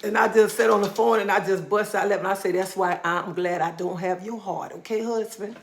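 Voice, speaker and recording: A middle-aged woman hosting a casual livestream, telling animated stories to her viewers. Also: mid-range voice, brisk, vocal fry, a little hiss or hum. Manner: animated storytelling with Southern-style speech. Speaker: livestream host. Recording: echoey room.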